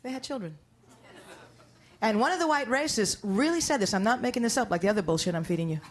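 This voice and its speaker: A woman's voice: on the high side, lively intonation, fast, very noisy. A woman from New York doing a stand-up comedy set on stage. She talks in a wry, conversational way and builds each bit toward a punchline. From New York, USA. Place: comedy stage before an audience.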